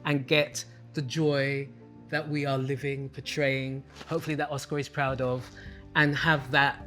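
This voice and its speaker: Woman actor, round-table guest, bright, emphatic, expansive. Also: very deep voice, level tone, measured pace, faint music behind. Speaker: lead stage actor. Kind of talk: round-table cast chat.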